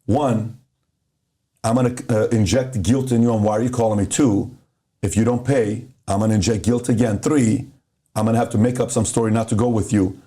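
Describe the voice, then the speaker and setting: Mellow-voiced man telling a story. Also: fairly low pitch, fairly even intonation, brisk. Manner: conversational storyteller, spells out points as one, two, three. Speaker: podcast host. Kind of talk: casual motivational chat.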